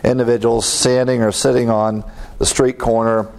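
A man's voice: medium pitch, flat delivery, normal speed, gravelly, darkish tone. A middle-aged man teaching a class in sermon style, earnest and emphatic, repeating his key phrases.

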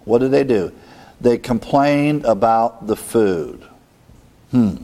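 A male preacher giving a verse-by-verse Bible teaching, reading passages aloud quickly and asking the listeners rhetorical questions in a conversational way. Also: lowish voice, a little mellow. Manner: reads scripture aloud quickly.

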